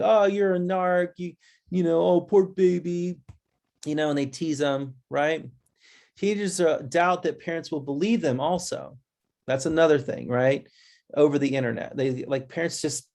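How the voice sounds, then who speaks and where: A man's voice: vocal fry, darkish tone. A man presenting a webinar, talking in a conversational, restless way and addressing listeners directly as guys. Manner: conversational, restless, quick changes of pitch when imitating kids.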